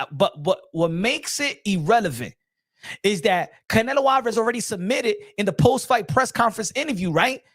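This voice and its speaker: A man's voice: high-pitched, no echo, studio quality. A man hosting a boxing channel, talking in a casual, rambling monologue full of slang, restarts and emphatic repetition.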